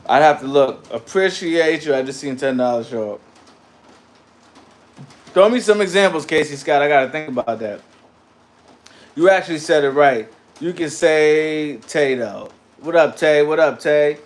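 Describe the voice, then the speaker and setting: Man, livestream host, casual slangy chat, animated, slightly high voice. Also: moderate pace, pauses often.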